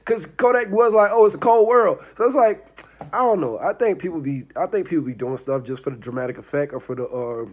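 A man hosting a casual commentary vlog, rambling and often trailing off into low mumbles. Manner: rambling, keeps repeating "I don't know", trails off into mumbles. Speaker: vlog host.

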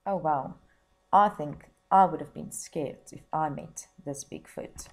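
A South African woman who teaches reads a children's story aloud, then sets tasks slowly and encouragingly. Her voice sits low and has vocal fry.

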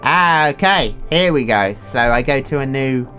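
A young man giving frantic, excitable game commentary full of swearing, with quiet game music behind him. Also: medium pitch, normal speed. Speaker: gaming video creator. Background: faint game music.

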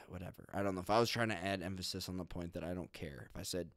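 A young man with a very low voice hosts a podcast in a laid-back, blunt, casual way, swearing freely as he talks. The sound is close and dry with no room around it. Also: fast, no room sound. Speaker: podcast host. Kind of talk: casual chat.

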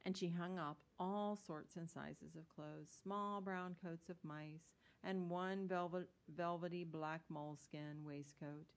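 Female storyteller, slightly low voice, gentle unhurried read-aloud of a children's tale. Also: steady tone.

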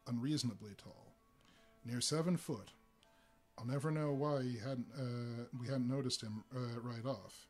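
A man reading a story aloud live, in an unhurried storytelling manner with frequent fillers. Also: medium pitch. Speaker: narrator.

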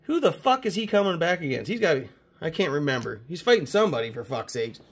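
A card-collecting host from Canada chats through his mail day, full of profanity and excited hype. His voice sits a little higher than most men's. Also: fast talker, slightly rough. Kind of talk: casual mail-day chat.

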